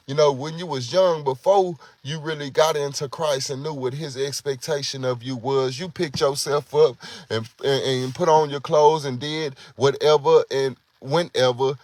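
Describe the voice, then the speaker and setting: A man's voice: fairly high pitch, steady tone, moderate pace, darkish tone, no room sound. A man giving an informal sermon, talking conversationally, often repeating words and acting out quoted prayers. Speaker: preacher.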